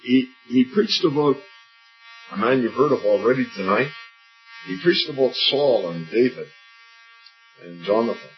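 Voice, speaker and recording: An older male preacher giving an earnest evangelistic sermon at a church meeting, climbing high on questions and dropping low and soft on key lines. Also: animated, unhurried, long pauses, a little hiss or hum. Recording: muffled lo-fi recording with faint music.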